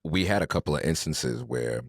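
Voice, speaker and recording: A man co-hosting a podcast, telling stories in a slangy, animated, casual way. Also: extremely low pitch, normal speed, creaky, no echo, studio quality. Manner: slangy, animated storyteller with restarts. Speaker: podcast co-host. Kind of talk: casual storytelling chat.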